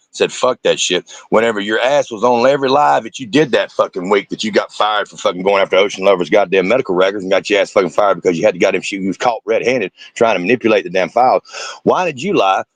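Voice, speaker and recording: A man's voice: on the low side, dry recording. A man, a streamer giving angry, profane reaction commentary and confronting the people in the clips.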